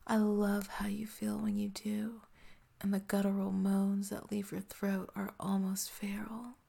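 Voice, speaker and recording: A woman narrating a whispered role-play in a soft, slow, intimate whisper, close to the mic. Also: medium pitch, completely flat delivery, gravelly, husky.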